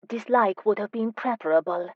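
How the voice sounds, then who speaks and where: A woman narrator voicing a spirited, teasing young woman in an audiobook, speaking with lively, emphatic delivery. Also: mid-range voice, moderate pace, dry recording, muffled recording, voice pushed up, natural voice. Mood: earnest. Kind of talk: audiobook character voice.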